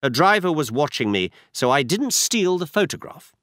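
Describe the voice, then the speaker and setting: A man voicing a shrewd, confident male detective who lays out his schemes in crisp, commanding explanations. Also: on the high side, sing-song, normal speed, fairly bright tone, dry recording, clean studio sound. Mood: explaining.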